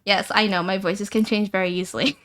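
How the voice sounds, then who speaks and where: A woman hosting a livestream, talking casually with her viewers in a rapid-fire, rambling, playful and teasing way. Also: medium pitch, fairly even intonation, a bit bright. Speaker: livestream host.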